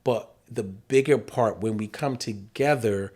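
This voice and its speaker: A man's voice: fairly low pitch, a little slow, a little mellow. A man co-hosting a podcast, chatting casually and earnestly about marriage and faith, with an emphatic, slightly preachy manner. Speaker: podcast co-host.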